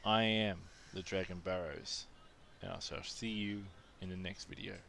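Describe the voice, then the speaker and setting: Aussie man ranting to camera, blunt and exasperated, lowish voice, faint background hum. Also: fairly even intonation, normal speed, creaky, pushed and bright. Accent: Australian. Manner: blunt, exasperated, frequent restarts. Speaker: vlogger. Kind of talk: casual storytelling rant.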